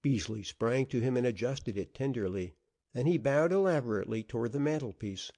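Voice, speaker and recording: An expressive male storyteller reading an old-fashioned tale. His pitch sits mid-range but moves a great deal, rising and falling with the drama. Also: fairly quick. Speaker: audiobook narrator. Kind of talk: storytelling narration.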